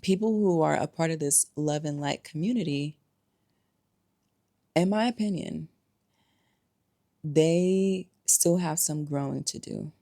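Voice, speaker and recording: Low gravelly woman vlogging, emphatic and chatty, lots of rhetorical questions. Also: dark tone. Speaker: spiritual vlogger. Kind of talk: casual commentary to camera.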